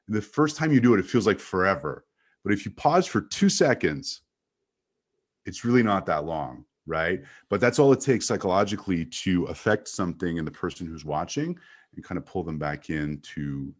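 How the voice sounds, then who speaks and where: Male guest, very low voice, upbeat sales-trainer delivery with deliberate pauses. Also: breathy edge. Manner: energetic, plays with pace and pauses for emphasis. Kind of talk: explaining in an interview.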